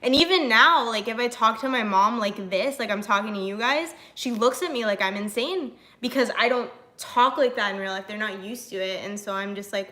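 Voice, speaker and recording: A young woman streamer chatting casually with her viewers, animated and full of fillers, reading and answering chat messages. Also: fairly high pitch, fairly quick, hardly any pauses. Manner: chatty and animated, many fillers, laughs often.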